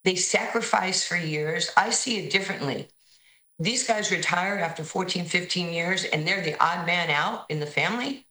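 Low, bright woman guest from New York, lively storyteller, echoey room. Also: moderate pace. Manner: animated storyteller, acts out quoted voices. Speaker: basketball head coach, guest. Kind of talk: interview storytelling.

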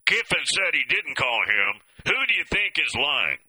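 A man's voice: fairly high pitch, big pitch swings, normal speed, bright, forceful tone, breathy edge, no room sound, rough recording. A man hosting call-in sports talk radio, folksy and opinionated. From American South.

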